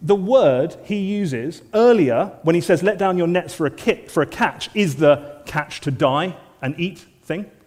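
A man preaching a sermon in an earnest manner, often dropping to soft, intense lines. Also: fairly high pitch, expressive, a little slow, hardly any pauses, long reverb tail.

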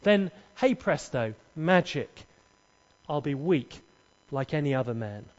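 A man's voice: fairly high pitch, lively intonation, takes it slowly. A man voicing a boastful young strongman, offhand and bragging, in an echoey hall. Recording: echoey, dull hall recording.

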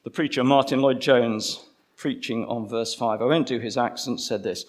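A man preaching a conversational sermon, slowing down to stress key phrases. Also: mid-range voice, steady tone.

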